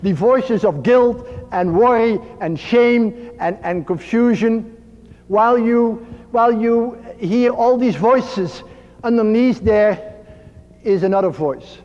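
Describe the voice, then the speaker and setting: A man giving a slow, earnest sermon as a priest, dropping to a soft hush on key phrases. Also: very high-pitched. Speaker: priest and spiritual speaker. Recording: dull lo-fi archive recording in a reverberant hall.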